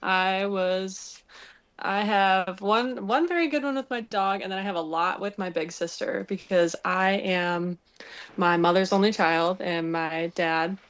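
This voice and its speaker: A young woman spins a story from her childhood on a podcast, laughing often and acting out each voice she quotes. Her pitch sits in the middle of the female range and her delivery is casual and lively. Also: a little slow, clean tone. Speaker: podcast guest telling a hunting story.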